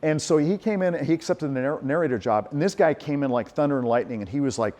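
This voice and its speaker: A middle-aged man, a composer giving a lecture, telling stories in a lively, animated way, acting out quotes and restarting his sentences. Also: a little high, fast talker. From United States. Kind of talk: lecture with audience Q&A.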